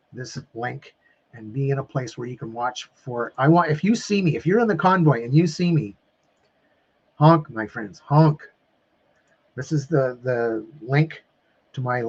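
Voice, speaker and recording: A man's voice: medium pitch, dull audio. A man coaching viewers on a live stream, emphatic and emotional, repeating phrases and calling them his friends. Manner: openly emotional and effusive.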